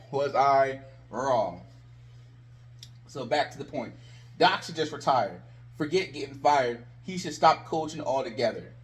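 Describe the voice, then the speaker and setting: Male sports vlogger, slightly high voice; sarcastic, exasperated ranting fan commentary. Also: slight background noise.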